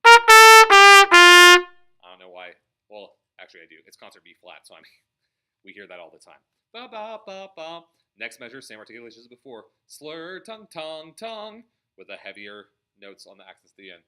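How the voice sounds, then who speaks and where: A man's voice: fairly low pitch, big pitch swings, fast, sharp tone, faint music behind. A man teaching a trumpet lesson, explaining measures and singing the rhythms aloud between bits of playing. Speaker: music teacher. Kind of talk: instrument practice lesson.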